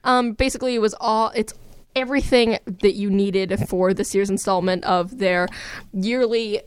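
Giggly, excitable woman podcaster. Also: mid-range voice, moderate pace, smooth, no room sound. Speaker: podcast co-host. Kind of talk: casual podcast chat.

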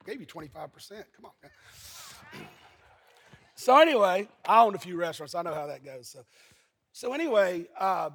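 A pastor from Eastern Kentucky preaching a sermon, telling folksy stories and breaking into shouts. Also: male voice, sits high, very animated, brisk, pauses often. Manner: folksy storytelling, bursts into shouting. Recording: husky voice in a long-reverb hall.

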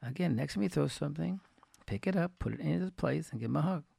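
A man with a rough, gravelly voice pitched a bit high tells folksy anecdotes in a Torah talk, repeating his key phrases to drive them home. The sound is dry and close, with no room around it. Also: expressive, fast, mellow, no echo. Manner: folksy, retells anecdotes with quoted dialogue. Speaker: religious teacher.

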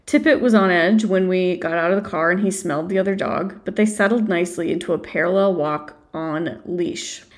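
A woman's voice: on the low side, a little fast, few pauses. A woman hosting a dog training podcast, answering listener questions in a direct, assertive way. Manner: direct, assertive advice-giving.

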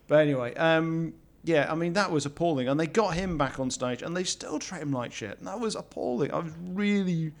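Stammering chatty man, slightly higher voice. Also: expressive, a little fast, hardly any pauses. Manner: stammering restarts, chatty and opinionated. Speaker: podcast co-host. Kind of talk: casual chat. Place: home garage studio.

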